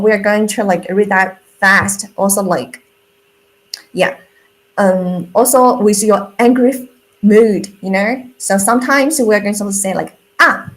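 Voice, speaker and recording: A woman whose first language is Chinese teaches a live beginner class online at an unhurried pace. She is patient and fills her talk with "like" and "okay," singing out each tone as she explains it. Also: mid-range voice, rough recording. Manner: patient, full of "like" and "okay", sings out tone examples.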